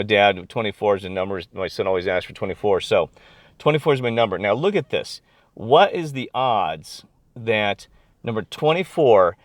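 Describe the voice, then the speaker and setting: A middle-aged man chatting casually to camera, rambling and excitable with lots of fillers and restarts. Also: lowish voice, dry recording. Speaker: video blogger. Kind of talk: casual chat.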